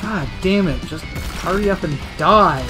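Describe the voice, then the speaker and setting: A man's voice: sits high, unhurried. A man streaming a video game, chatting casually and sarcastically while he plays. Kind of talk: casual let's-play commentary. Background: game music.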